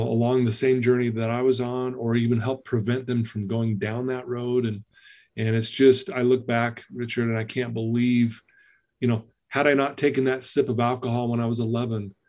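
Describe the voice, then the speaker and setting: Animated man telling his story. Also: medium pitch. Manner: animated storyteller acting out dialogue. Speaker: guest, personal-development coach. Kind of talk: storytelling in a podcast interview.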